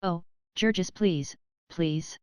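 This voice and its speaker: A woman's voice: lowish voice, drawn-out words, a little mellow, clear, resonant tone, no room sound, clean studio sound. A woman reading the lines of a frightened young wife, pleading frantically in broken phrases.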